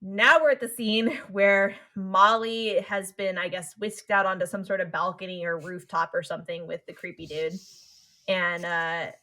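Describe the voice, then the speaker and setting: A woman's voice: on the low side, moderate pace. A woman co-hosting a podcast, casually recapping an anime episode and acting out the characters' lines as she goes. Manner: animated retelling that acts out the characters' lines. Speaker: podcast co-host.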